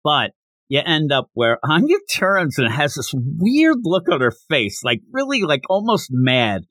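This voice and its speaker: Animated man recapping a manga. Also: fairly high pitch, unhurried, no echo. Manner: animated, jumps into character voices. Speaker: podcast host.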